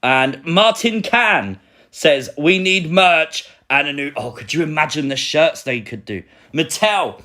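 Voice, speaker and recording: A young man from Britain hosting a casual live stream, excitably reading out and answering viewer comments. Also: a little high, unhurried. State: recovering, a little sore.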